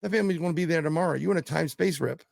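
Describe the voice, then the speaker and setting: A man's voice: a little high, rapid-fire, gravelly, darkish tone, no echo, studio quality, voice pushed up. A man doing a scolding woman psychic. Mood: insistent. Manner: exasperated, scolding. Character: irate woman psychic on a phone call.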